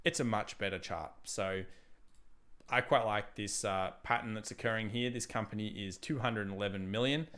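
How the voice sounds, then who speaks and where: A man's voice: lowish voice, normal speed. Chatty man reading trading charts. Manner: chatty, animated, reads viewer super chats aloud. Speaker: livestream trading host. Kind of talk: casual live-stream chart commentary.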